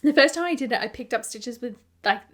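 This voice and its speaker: A woman's voice: on the high side, animated, fast, a bit bright. A woman hosting a knitting podcast in casual chat, rambling with lots of "like" and laughing at her own mishaps. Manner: chatty and rambling, often says "like".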